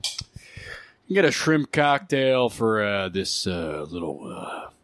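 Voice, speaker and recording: A man voicing a gruff, laconic male bodyguard who mumbles slowly and hesitantly. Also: on the low side, big pitch swings, a bit bright, exaggerated voice. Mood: grudging.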